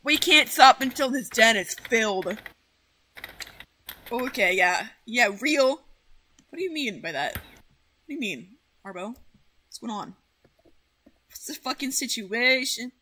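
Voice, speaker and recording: Brief: bright high-voiced woman streamer, animated and foul-mouthed, faint keyboard typing behind. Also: measured pace, long pauses, a little hiss or hum. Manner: excitable, profane, rambling. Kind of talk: casual livestream chat.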